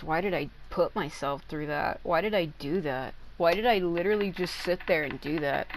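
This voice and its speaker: A woman's voice: on the low side, poor audio. Chatty woman explaining a video game. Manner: chatty, stumbles over long foreign names, swears casually. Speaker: gaming content creator. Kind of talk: casual explanatory game talk.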